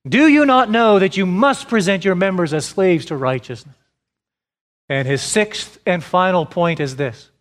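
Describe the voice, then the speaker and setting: Slow, deliberate preaching man. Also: sits high. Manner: slow, deliberate preaching with repeated rhetorical questions. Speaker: pastor. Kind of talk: sermon.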